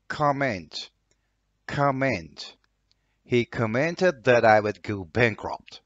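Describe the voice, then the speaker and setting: A man's voice: mid-range voice, expressive, takes it slowly, a bit bright, no room sound, dull audio. A man with a Turkish accent teaching English vocabulary, saying each word twice and reading an example sentence. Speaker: language teacher.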